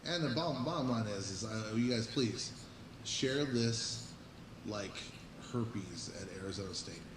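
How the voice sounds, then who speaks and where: A man co-hosting a casual podcast, joking crudely and swearing freely in relaxed chat. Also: on the low side, measured pace, a crowd in the background. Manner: profane, joking, laid-back. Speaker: podcast co-host. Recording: echoey room with loud background noise.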